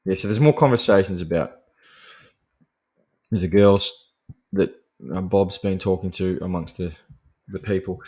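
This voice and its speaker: A man's voice: low voice, measured pace, pauses often, dark tone. Guy rambling about a horror movie on his podcast, swears a lot, laughs a lot, casual. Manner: chatty and profane, laughing often; digressive, full of fillers and restarts. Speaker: podcast host. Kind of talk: casual film review monologue.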